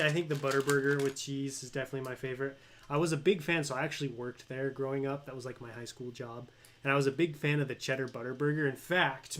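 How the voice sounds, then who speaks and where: Young adult man, easygoing joker who co-hosts a stream, mid-pitched with some faint noise behind. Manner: joking, relaxed storyteller. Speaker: livestream co-host. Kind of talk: casual livestream chat.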